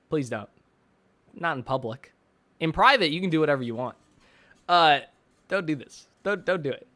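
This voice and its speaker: A man's voice: fairly high pitch, moderate pace, pauses often, fairly bright tone, no room sound. A man streaming live, reading chat and posts aloud with profane, mocking, ranting commentary. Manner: reads chat and posts aloud with sarcastic asides.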